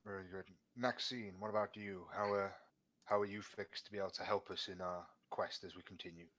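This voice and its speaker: A British man playing a tabletop game over a voice call, measured and courteous. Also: fairly low pitch, little pitch movement, fairly bright tone, poor audio. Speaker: player. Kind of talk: in-character tabletop game chat.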